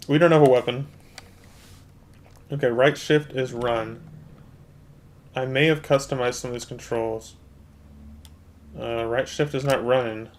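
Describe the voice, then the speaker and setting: A man hosts a relaxed let's-play at his home computer, walking viewers through the controls in an easygoing, mid-range voice. He talks straight to his audience as he plays. Keyboard clicks sit behind his voice. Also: mid-range voice, unhurried, pauses often. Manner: chatty, explains controls, talks to viewers as guys. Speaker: gaming channel host. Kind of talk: casual let's-play commentary.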